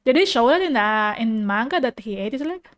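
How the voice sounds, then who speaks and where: High-voiced young woman, effusive rambling chat. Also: lively intonation, a little fast. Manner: rambling, effusive, emotional, with restarts. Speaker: vtuber streamer. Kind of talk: casual chat reacting to an anime. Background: soft piano music.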